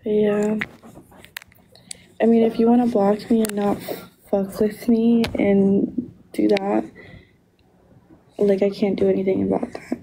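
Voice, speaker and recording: A young woman on a livestream, speaking softly and haltingly while tearful. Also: mid-range voice, level tone, slight background noise, low-quality recording. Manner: soft, halting, teary. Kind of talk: emotional livestream chat.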